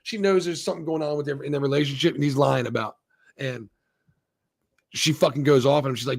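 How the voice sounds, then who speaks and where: A man talks through a TV episode in a loose, profane ramble, jumping in and out of the characters' lines. His voice is gravelly with fry and sits a little high for a man. He sounds like an unscripted solo host. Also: fast. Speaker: show host reviewing a TV episode. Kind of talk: casual solo recap and review.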